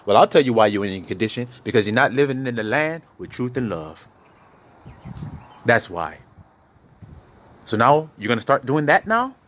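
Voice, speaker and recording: A man's voice: medium pitch, moderate pace, long pauses. A man from the giving a casual, profane street sermon to his viewers, acting out arguments between partners. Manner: animated, profane, acts out quoted arguments. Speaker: online preacher.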